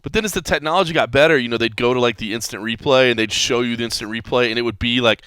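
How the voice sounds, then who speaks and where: Bright-voiced man hosting a casual podcast. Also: medium pitch, very fast, clear, resonant tone, no room sound. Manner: rambling, laughs often. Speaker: podcast host. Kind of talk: casual chat.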